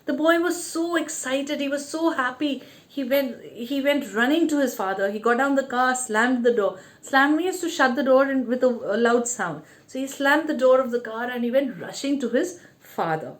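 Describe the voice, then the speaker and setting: A patient woman teacher with a fairly high voice reads a story aloud. She pauses again and again to define words in plain terms, in a slow, explaining manner. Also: expressive.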